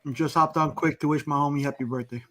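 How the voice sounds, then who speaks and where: A man's voice: a little high, steady tone, quick pace, sharp tone. A man with a Brooklyn accent popping into a chat, friendly and streetwise. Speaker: caller. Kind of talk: casual chat.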